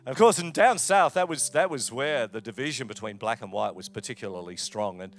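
A man preaches a sermon from the church stage at a mid pitch. His delivery swings from loud, emphatic lines to quiet asides. Faint music sits under his voice. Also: lively intonation, normal speed, hardly any pauses. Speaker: pastor.

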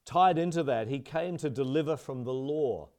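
A man pastor preaching a sermon, earnest, slowing down on key phrases for emphasis. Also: medium pitch, a little mellow.

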